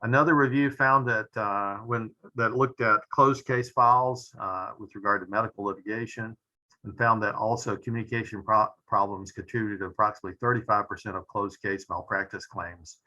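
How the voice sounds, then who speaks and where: Middle-aged male physician lecturer, very bright tone, halting delivery full of fillers. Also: on the low side, fairly even intonation, muffled recording. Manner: measured, frequent "uh" fillers, trailing off at phrase ends. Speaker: pediatric intensivist lecturer. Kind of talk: medical lecture.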